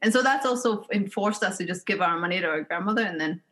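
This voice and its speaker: Woman, from Somalia, podcast guest, medium pitch, casual storytelling, animated, laughs often. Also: fast talker. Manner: animated, laughs often while telling stories.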